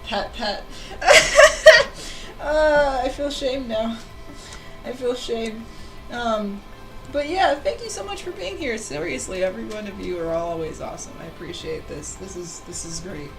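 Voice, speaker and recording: A woman drawing fan art on a casual livestream, chatting with viewers in an excitable, giggly way. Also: on the high side, unhurried, creaky, music in the background, rough recording.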